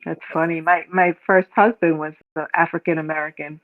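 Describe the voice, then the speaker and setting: A woman's voice: low voice, level tone, fairly quick, no echo. Giggly woman caller on a tinny phone line. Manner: giggly, agreeable, hesitant restarts. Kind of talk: casual chat.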